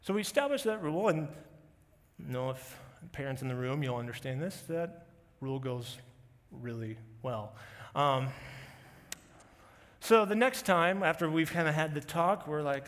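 Young male pastor, higher voice, casual storytelling sermon, church hall reverb. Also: normal speed. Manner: conversational storyteller acting out quotes.

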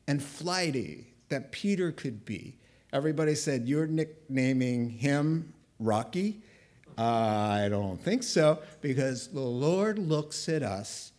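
A man preaching a sermon, animated, acting out biblical dialogue with a sarcastic edge. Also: fairly high pitch.

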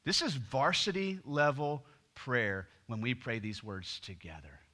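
A middle-aged man preaching a sermon, swinging from loud emphasis to hushed near-whispers. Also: medium pitch, a little slow. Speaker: pastor.

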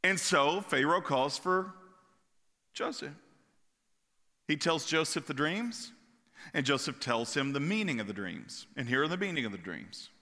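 A man preaching in a casual, animated storytelling style, joking and acting out the voices of the people in the story. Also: a little high, unhurried, long pauses. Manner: animated, jokey retelling with acted-out voices. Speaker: pastor. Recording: long reverb of a large hall.

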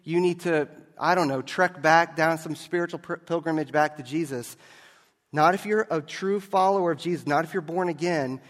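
A man preaching a sermon as a pastor, telling a story and moving between loud and hushed delivery. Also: a little high, normal speed, big-room sound.

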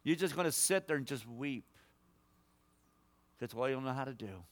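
Male guest preacher, prophetic sermon, mid-pitched voice, surges loud then drops to a hush, calls folks son and daughter. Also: animated, moderate pace. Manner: emphatic, swings between loud exhortation and hushed personal words; addresses listeners directly as son, daughter, brother.

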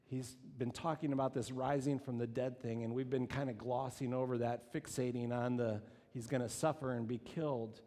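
A man's voice: mid-range voice, steady tone, normal speed, few pauses, mellow. A man preaching a sermon, telling the story with animation and acting out quoted voices. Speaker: pastor. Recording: long reverb of a hall.

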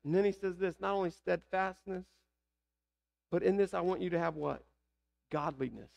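A man's voice: high-pitched, steady tone, moderate pace, creaky, dull audio. A man with a Southern American accent preaching a sermon, asking the congregation rhetorical questions. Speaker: pastor.

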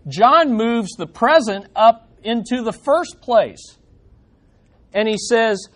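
Animated high-voiced male pastor preaching. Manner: animated, joking asides to the congregation. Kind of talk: sermon.

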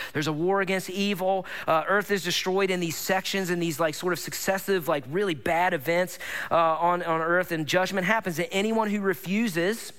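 Male pastor preaching, high bright voice, chatty and excited, keeps checking in with the crowd. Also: clear, resonant tone. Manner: conversational, enthusiastic, addresses congregation as gang. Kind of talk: sermon.

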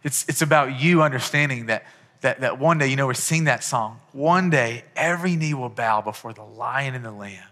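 A man's voice: medium pitch, normal speed, pushed and bright. A man preaching a sermon as pastor, impassioned and swelling to fervent peaks. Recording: long hall reverb.

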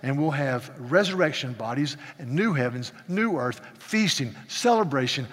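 A male pastor preaching a sermon with passion, swinging from soft asides to loud exclamations, with stammering restarts. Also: mid-range voice, expressive, moderate pace, hardly any pauses, big-room sound.

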